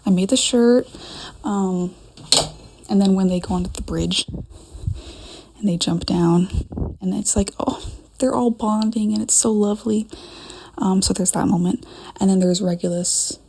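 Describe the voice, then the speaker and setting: A woman's voice: medium pitch, unhurried, gravelly, long pauses, dark tone, husky. A young woman rambling casually to a camera in a dim room at home, scattered and talking to herself as she goes. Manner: chatty, scattered, talks to herself. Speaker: fan fiction vlogger.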